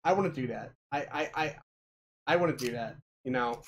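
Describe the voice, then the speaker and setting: A woman's voice: a bass voice, a little fast, background noise. A woman chatting casually on a live gaming stream, playful and giggly, often stammering and repeating herself. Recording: game music behind.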